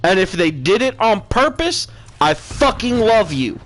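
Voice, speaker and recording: A man's voice: high voice, big pitch swings, a little slow, a bit bright. A man streaming a profane, sarcastic rant that mocks people with put-on voices. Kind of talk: ranting commentary.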